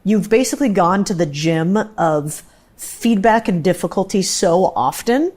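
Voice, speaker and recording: A woman's voice: fairly low pitch, lively intonation, measured pace, darkish tone. A woman interviewing a guest in casual chat, framing long, thoughtful questions.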